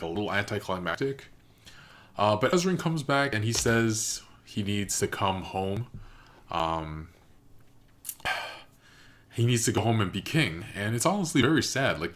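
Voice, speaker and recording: A man's voice: lowish voice, fairly bright tone. A man hosting a reaction video, giving casual, thoughtful commentary and analysing what he has watched.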